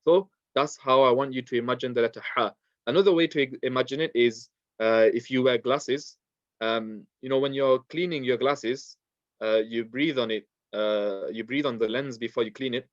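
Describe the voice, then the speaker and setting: A man's voice: mid-range voice, normal speed, dry recording. Brief: male teacher, patient and repetitive, dry, slightly muffled classroom recording. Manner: patient, repetitive explanations with many fillers. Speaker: Quran recitation teacher.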